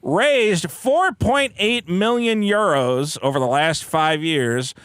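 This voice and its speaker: A man hosting an irreverent comedy podcast, reading stories and then joking about them. His voice sits a little high and bright, with plenty of swing in the pitch. The sound is close and dry. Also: lively intonation, takes it slowly, smooth, dry recording. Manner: reads stories then riffs, laughs often. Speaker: podcast co-host reading news items.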